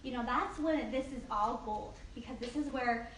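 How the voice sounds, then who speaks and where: Bright, high-voiced chatty woman trainer. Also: normal speed. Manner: upbeat, chatty, uses many "like"s and "okay?"s. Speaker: network marketing trainer. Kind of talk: casual group training talk. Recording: echoey room, mic from a distance, faint noise.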